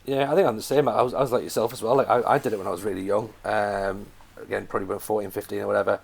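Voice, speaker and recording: Gravelly man, laid-back. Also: on the low side, steady tone, racing. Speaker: comedian guest. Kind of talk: casual chat.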